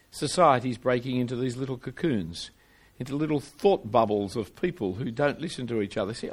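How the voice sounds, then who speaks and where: An older man preaching a sermon, emphatic, asking rhetorical questions and swinging widely in pitch and loudness.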